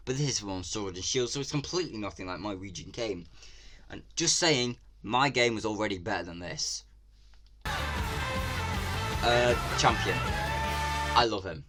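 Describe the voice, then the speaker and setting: A man from England with an English accent, giving casual reaction commentary as a video creator, excitable and ranting, swearing freely. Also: lowish voice.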